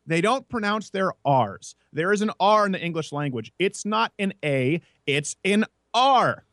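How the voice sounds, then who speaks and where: A man hosting a casual political talk show, brash and mocking, talking fast. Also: sits high, expressive, fairly bright tone, no room sound, studio quality. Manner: brash, quick, mocking, with put-on voices. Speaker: podcast host.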